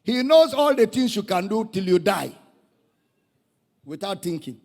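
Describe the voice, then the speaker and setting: A man's voice: high voice, a little slow, creaky. A man with a Nigerian accent preaching a dramatic sermon, calling out to his congregation. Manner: dramatic, animated, calls out to the congregation. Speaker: pastor. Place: church. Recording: echoey hall.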